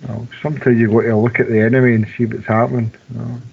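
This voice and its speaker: A man's voice: medium pitch, flat delivery, quick pace, gravelly, husky. Scottish man on a tinny line. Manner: jokey, chatty, reads out listener messages. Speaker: fan radio co-host. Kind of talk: casual football chat.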